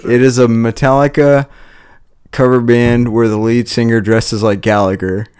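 A man's voice: medium pitch, flat delivery, normal speed, darkish tone, clean tone. A young man co-hosting a podcast, chatting casually in a rambling, self-deprecating way and laughing often. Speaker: podcast co-host. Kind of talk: casual chat.

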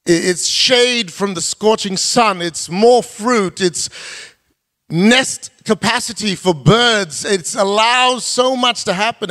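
A man's voice: high-pitched, fairly bright tone. A middle-aged male pastor preaching a sermon, firing rhetorical questions with emphatic delivery. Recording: long hall reverb.

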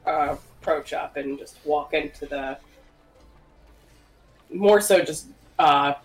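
Woman player with a lowish voice. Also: takes it slowly, faint music behind, low-quality recording. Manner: cheerful, describes her character's actions. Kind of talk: casual tabletop play.

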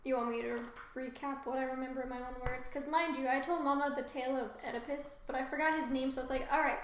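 A woman co-hosting a podcast in casual chat, making dry, deadpan quips. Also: high-pitched, quick pace, reverberant, slight background noise. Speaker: podcast co-host.

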